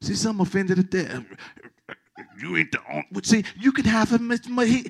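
Preaching a sermon, a middle-aged pastor uses a high, gravelly voice at a moderate pace. His delivery is animated and emphatic, with restarts, repeated words, and jokes directed at the congregation.

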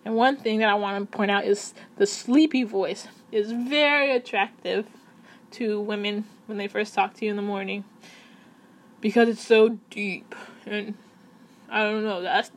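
A woman's voice: mid-range voice, unhurried. A woman talking casually to camera at her computer, chatty and rambling, often correcting herself. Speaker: vlogger.

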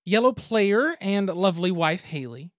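A man's voice: high-pitched, unhurried, dry recording. Man, podcast host, casual chat, laughs easily, close dry mic. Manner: relaxed, chatty, laughs easily. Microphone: mic on a stand.

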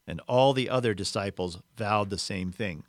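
A man with a fairly low voice preaching a sermon. He walks his listeners through a Bible passage in a relaxed, explanatory way. The sound is dry and close, with no room echo. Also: normal speed. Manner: conversational, explanatory teaching.

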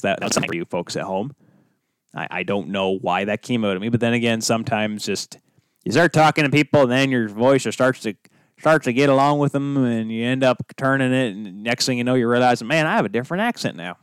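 A man hosts his own sports podcast solo, his mid-range voice smooth and recorded dry at studio quality. The monologue is casual, drifting onto tangents with self-deprecating asides.

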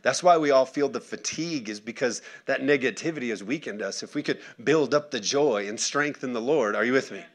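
In his thirties, a male pastor with a medium-pitched voice preaches an animated, conversational sermon a little fast, with few pauses. He acts out quotes and asks the congregation for responses.

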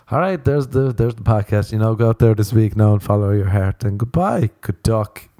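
Low-voiced man rambling through a comic story. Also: animated, normal speed, hardly any pauses, mellow. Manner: rambling, profane, laughs through his own stories. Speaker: podcast host. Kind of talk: solo comedic storytelling podcast.

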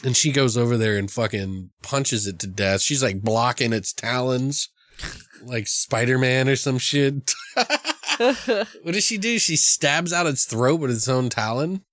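Man co-host, loose profane movie chat, average pitch, dry mic. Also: a little slow, a bit bright, no echo. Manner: rambling, profane, retells scenes in funny voices. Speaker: podcast co-host. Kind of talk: casual movie review chat.

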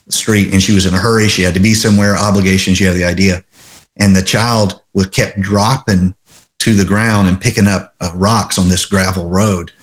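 A male pastor delivering a sermon in a halting way, full of fillers and restarts. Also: lowish voice.

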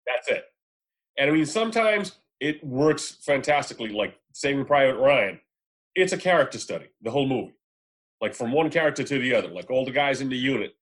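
A man's voice: medium pitch, animated, a little fast. A man in a casual podcast chat, giving rambling, opinionated takes on movies. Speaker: podcast panelist. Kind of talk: casual film discussion.

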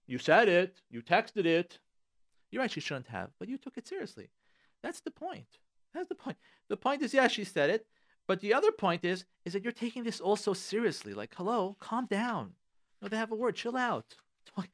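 Emphatic male radio host, high and lively. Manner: emphatic, repeats key phrases, mixes in Hebrew prayer words. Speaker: radio show host giving relationship advice. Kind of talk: animated advice talk on a radio show. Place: radio studio.

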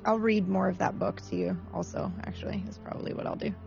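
Woman player in a tabletop game, super creaky voice, casual, faint music behind. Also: mid-range voice, steady tone, quick pace. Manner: soft, casual, filler words. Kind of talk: tabletop role-play chat. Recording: dull lo-fi sound with faint music.

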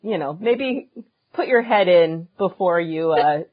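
Lively low-voiced woman telling a story. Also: a little slow, phone-quality sound. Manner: animated, laughs often, many fillers. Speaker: podcast co-host and musician. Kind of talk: casual storytelling chat.

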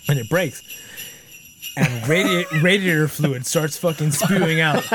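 A man's voice: a little high, unhurried. Profane storytelling man, noisy recording. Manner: animated, swears constantly, acts out quoted people. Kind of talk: casual chat, profane storytelling. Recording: noisy background hiss.

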